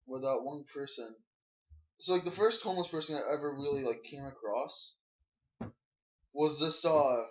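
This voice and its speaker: A man's voice: medium pitch, normal speed, pauses often. A young man hosting a casual chat, rambling and hesitant with many fillers. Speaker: host. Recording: muffled lo-fi recording.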